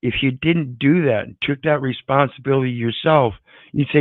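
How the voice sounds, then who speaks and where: A man's voice: mid-range voice, normal speed, no echo. A man giving preachy, moralizing commentary, often repeating words as he searches for them. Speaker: panel host. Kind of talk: lecturing commentary. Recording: tinny phone-like line.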